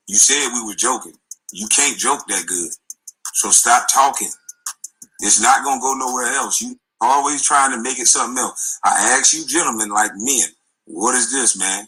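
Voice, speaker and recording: A man's voice: on the low side, sharp tone, husky, poor audio. A man delivering a heated, confrontational and profane rant, with scornful laughs. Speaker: guest.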